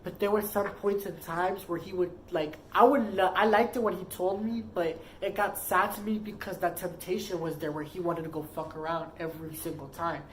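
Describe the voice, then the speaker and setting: Woman rambling through a storytime, lowish voice, says like a lot, faint noise behind. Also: fairly even intonation, normal speed, few pauses, rough recording. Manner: rambling, heavy use of "like". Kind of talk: casual storytime chat.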